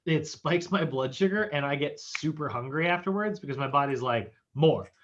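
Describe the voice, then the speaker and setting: A man's voice: a little high, brisk, fairly bright tone, muffled recording, a little hiss or hum. A man teaching a casual online nutrition lecture over a video call, chatty and full of fillers, often laughing. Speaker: fitness nutrition instructor.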